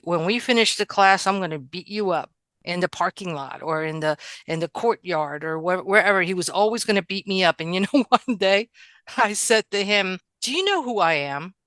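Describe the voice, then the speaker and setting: A woman from New York, a guest in a casual conversation, telling animated stories from her childhood, acting out quotes and laughing often. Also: fairly low pitch, normal speed, dry recording.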